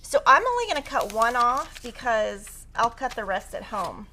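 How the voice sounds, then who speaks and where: A woman's voice: a little high, very animated, moderate pace, sharp tone, slight background noise. A woman teaching a quilting tutorial on a live stream, chatty and upbeat as she talks through cutting fabric. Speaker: quilting instructor.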